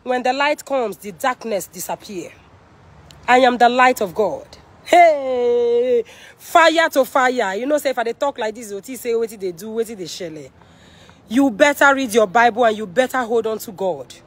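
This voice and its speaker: A woman's voice: fairly high pitch, expressive, fairly quick, slightly rough. A Nigerian woman on a live stream, talking to her fans in an emphatic, preaching way, repeating her phrases and mixing Pidgin with English. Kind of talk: livestream talk with preaching.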